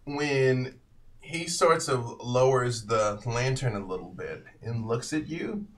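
A man's voice: medium pitch, expressive, slow pace. A man narrating a tabletop game as game master in a casual, descriptive way.

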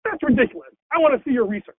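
A man's voice: high-pitched, fast, gravelly, no room sound. A man voicing an arrogant, predatory male fox in a spoken joke, heard over a tinny line. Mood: mocking, skeptical. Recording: dry tinny phone-like line.

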